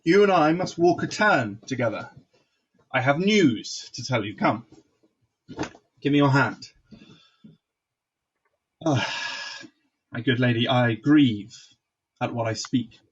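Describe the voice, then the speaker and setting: A man playing a husky, grave king. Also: mid-range voice, lively intonation, highs cut off. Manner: halting, with fillers and restarts. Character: grave king, commanding yet sorrowful. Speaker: stage actor. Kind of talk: Shakespearean stage acting.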